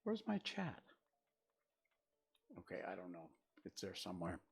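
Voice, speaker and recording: An older man's low, creaky voice swoops wildly in pitch, with a breathy edge and a measured pace. He hosts a casual livestream from a spare-bedroom studio, seated at a desk facing a webcam, rambling and reading his chat with dry sarcasm.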